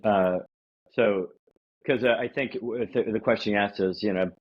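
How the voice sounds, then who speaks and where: Man, podcast host, husky voice, halting delivery, muffled lo-fi sound. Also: lowish voice. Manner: rambling, halting, with restarts. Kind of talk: casual podcast chat. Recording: dull lo-fi audio.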